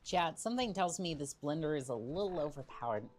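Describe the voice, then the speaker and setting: A woman streamer chatting to her viewers in a jokey, relaxed way as she plays through a game. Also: deep voice, brisk, a little hiss or hum. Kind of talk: casual gameplay commentary.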